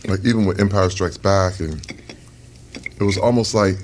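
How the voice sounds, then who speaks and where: A man's voice: low-pitched, normal speed, a little hiss or hum. A man being interviewed over a meal, telling earnest, reflective stories. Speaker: interview guest.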